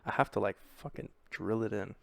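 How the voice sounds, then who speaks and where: A man's voice: on the low side, fairly quick, vocal fry, background noise. A young man chatting casually on a podcast, rambling and swearing, poking fun at himself. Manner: rambling, profane, self-deprecating. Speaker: podcast host. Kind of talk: casual chat.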